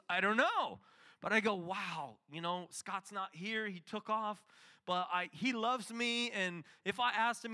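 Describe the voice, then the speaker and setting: A man's voice: sits high, sharp tone. A middle-aged man preaching a sermon, telling a story and acting out the dialogue.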